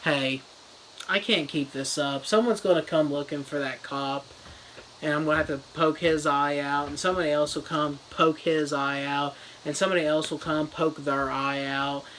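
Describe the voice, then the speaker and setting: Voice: mid-range voice, steady tone, normal speed, a bit bright, slight background noise, lightly acted, rough recording. A reviewer voicing an unhinged female nurse who holds a man captive, in a mock-sweet, sing-song voice. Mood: fretful. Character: unhinged female nurse captor, doting and menacing.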